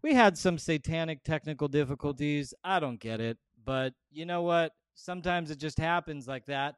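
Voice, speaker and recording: Man podcast host, upbeat hype sign-off, smooth clean voice, dry close sound. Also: on the high side, lively intonation, normal speed, hardly any pauses, dry recording. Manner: upbeat, hyped promotional tone. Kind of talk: show sign-off.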